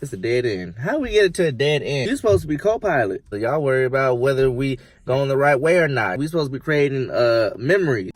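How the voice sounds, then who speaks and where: A man's voice: medium pitch, animated, fast, hardly any pauses, no room sound, voice pushed up, lightly acted. A man playing a stubborn driver who refuses GPS, gets lost and shifts the blame, in a comedy sketch. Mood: defensive.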